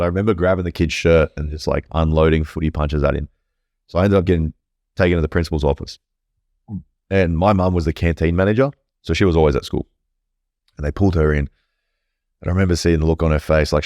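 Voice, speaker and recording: A man's voice: extremely low pitch, a little mellow, no room sound, studio quality. A man, a podcast guest, telling personal stories in a casual, rambling, candid way and swearing freely. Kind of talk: casual storytelling.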